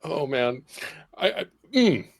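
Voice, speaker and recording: A man's voice: a little high, sing-song, slow, vocal fry. A man playing a tabletop role-playing game, hesitant, with lots of ums and restarts. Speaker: player. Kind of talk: in-character tabletop play.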